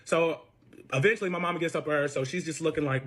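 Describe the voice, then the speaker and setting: A young man telling a story, his voice high and husky. He rattles along fast and swears constantly. He switches into a different voice for each person in the fight he describes. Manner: profane, animated, acts out both sides of quarrels. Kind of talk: storytime chat.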